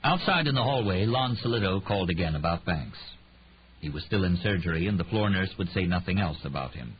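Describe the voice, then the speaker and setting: Expressive low-voiced male audiobook narrator. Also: fairly quick, muffled recording, slight background noise. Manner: expressive reading, voices every character.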